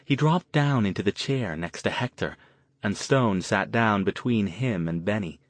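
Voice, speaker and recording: A man reading an audiobook novel aloud in an even, measured way. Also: fairly low pitch, no echo. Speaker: audiobook narrator. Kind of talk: scripted narration.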